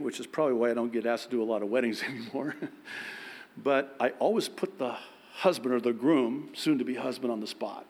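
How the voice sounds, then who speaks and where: A man's voice: medium pitch, long reverb tail. A male pastor preaching a sermon and telling self-mocking stories, acting out the people in them. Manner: self-deprecating storytelling, acts out quotes.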